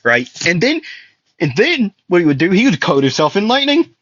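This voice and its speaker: A man's voice: high voice, huge pitch swings, moderate pace, a bit bright, no echo, highs cut off. A young man improvising an anime fan story, rambling with many fillers and restarts and laughing at his own jokes. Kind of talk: improvised fan story, voicing characters loosely.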